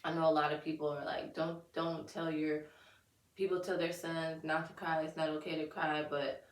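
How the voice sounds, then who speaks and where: A young woman with a lowish voice, chatting candidly and laughing easily about parenting. She sits back from the mic, and the room adds a hollow echo around her words. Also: little pitch movement, normal speed. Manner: candid, laughs often, acts out her toddler's voice. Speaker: podcast co-host. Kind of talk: casual podcast chat. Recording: echoey room, distant mic.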